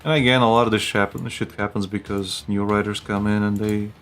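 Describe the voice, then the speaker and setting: A man's voice: on the low side, level tone, brisk, fairly bright tone, soft background music. A man co-hosting a live stream, chatting casually and jokily with restarts. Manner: rambling, jokey, with restarts. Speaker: streamer co-host.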